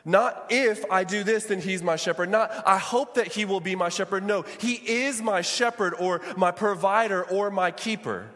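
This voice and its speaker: Male pastor, high voice, preaching in a church hall with long reverb. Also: moderate pace, few pauses, fairly bright tone. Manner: preaching with call-and-response to the congregation. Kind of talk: sermon.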